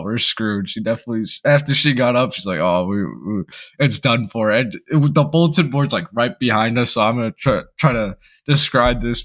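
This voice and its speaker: A man's voice: medium pitch, a bit bright. A young man telling a school story time in a rambling way, with frequent laughs and restarts. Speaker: vlogger.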